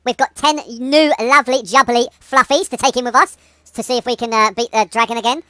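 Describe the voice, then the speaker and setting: A woman's voice: fairly high pitch, steady tone, brisk, sharp tone, dry recording. Sweary, laughing British woman gamer. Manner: swears freely, laughs often, exasperated. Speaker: gaming channel host. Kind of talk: casual game commentary.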